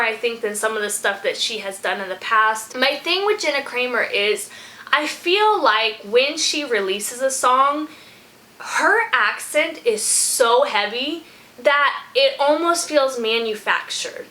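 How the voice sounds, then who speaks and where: A woman hosting a music reaction vlog, rambling and thinking out loud in casual chat, now and then saying "y'all". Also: fairly high pitch, poor audio. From from a small country town.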